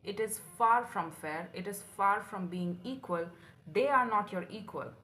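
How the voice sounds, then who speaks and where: A woman's voice: lowish voice, fairly bright tone, poor audio. A woman giving a casual tarot reading, talking in a rambling, repetitive way and acting out what people might say. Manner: rambling and repetitive, acts out quoted lines. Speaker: tarot reader.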